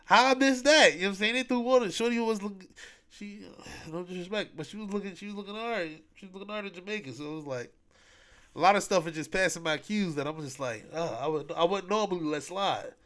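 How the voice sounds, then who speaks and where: This podcast host's voice sits high and his pace is quick as he retells events in relaxed conversation. He uses heavy slang, keeps the storytelling animated, and acts out what people said.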